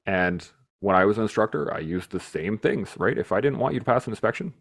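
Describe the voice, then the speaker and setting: A man hosting a podcast, telling stories in a casual, animated way, swearing freely and laughing as he talks. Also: lowish voice, quick pace. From Canada. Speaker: podcast host. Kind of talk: casual storytelling chat.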